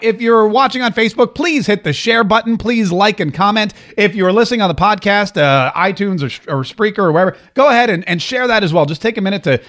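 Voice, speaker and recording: A man's voice: high voice, fairly bright tone. A man hosting his own radio and podcast show from a home studio, telling a rambling, self-mocking story in a joking, casual way. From Jacksonville, Florida area. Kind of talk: casual comedic monologue.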